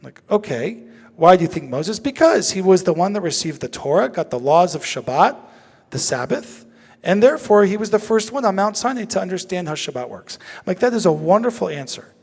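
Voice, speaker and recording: A man with a slightly high voice teaches as a rabbi in a synagogue, asking the audience questions and throwing in jokes. His voice rings out with the long reverb of a large hall. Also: fairly quick, creaky, breathy edge. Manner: asks the audience questions, joking and lively. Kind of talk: interactive teaching talk. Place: synagogue sanctuary.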